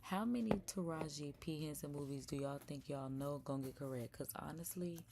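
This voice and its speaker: A young woman with a low voice hosts a laid-back live stream from her home, talking straight to her viewers and calling them y'all. Now and then she drops into a soft whisper, and a faint hiss sits under her voice. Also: normal speed, gravelly. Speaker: live-stream react host. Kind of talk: casual live-stream chat. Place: indoors at home.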